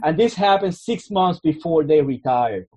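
A man's voice: on the high side, animated, moderate pace, darkish tone, a little hiss or hum. A man with a Canadian accent, a guest in a casual interview, talking earnestly and restarting his words often. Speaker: guest, army officer.

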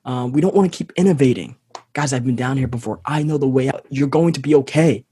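Husky man telling a story on a podcast. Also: medium pitch, quick pace, warm tone. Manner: storytelling, acts out voices in a parable. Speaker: podcast co-host. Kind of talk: casual podcast chat.

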